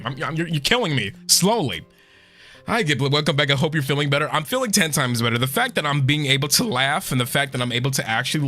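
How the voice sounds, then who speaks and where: A man's voice: a little high, very animated, fairly quick, pushed and bright, soft background music. Emotional, foul-mouthed male streamer. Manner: emotional, swears a lot, trails off and restarts. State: choked up, holding back tears. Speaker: VTuber streamer. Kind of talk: casual chat with viewers.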